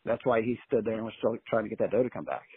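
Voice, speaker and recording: Man, raspy voice, folksy animated storyteller, interview guest, phone-quality audio with no room sound. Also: lowish voice, fast, no room sound. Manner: colloquial, animated anecdote telling. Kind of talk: casual storytelling. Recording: tinny dry phone line.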